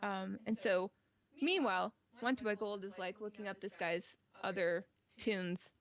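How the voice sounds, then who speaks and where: A woman's voice: medium pitch, a little slow. A woman co-hosting a casual podcast, telling a gaming story with lots of filler words. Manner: animated storyteller, many "like" fillers. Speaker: podcast co-host.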